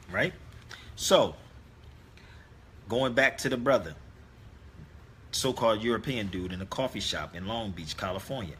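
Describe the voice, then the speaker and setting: A man's voice: fairly low pitch, animated, a little slow, pauses often, a bit bright, a little hiss or hum. A man telling a story in a casual monologue, emphatic and speaking straight to his listeners. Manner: emphatic, addresses listeners directly. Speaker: online talk host.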